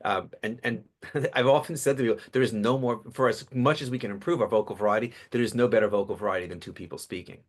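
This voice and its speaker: Lively man with a low voice. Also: fast. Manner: animated storyteller, acts out voices. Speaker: public speaking coach, guest. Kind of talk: casual podcast interview.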